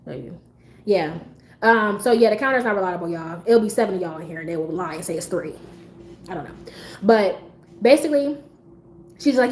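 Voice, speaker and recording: A woman's voice: mid-range voice, lively intonation, a little fast, long pauses, darkish tone. A woman hosting a livestream, telling a story casually and animatedly, swearing and bursting into laughs. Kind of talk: casual storytime chat to a live audience. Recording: echoey room with faint background noise.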